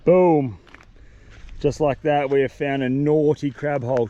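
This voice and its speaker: A man filming himself outdoors in the mangroves, talking in excited, slang-heavy bursts straight to a handheld camera. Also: medium pitch, normal speed, background noise. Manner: excited, breathless slang-filled chatter. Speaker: outdoor vlogger. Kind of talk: self-filmed outdoor vlog.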